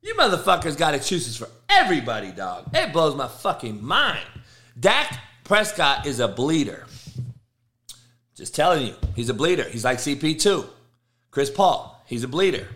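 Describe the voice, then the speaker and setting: Coach yelling and swearing on his live show, high pitched, swings up and down a lot. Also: wildly swooping pitch, normal speed. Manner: profane, heated, shouting rants. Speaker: show host, football coach. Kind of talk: live motivational sports rant.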